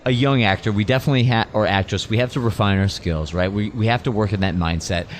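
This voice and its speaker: A man's voice: lowish voice, quick pace, slight background noise. Enthusiastic male podcast host. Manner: enthusiastic, affirming interviewer. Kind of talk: interview.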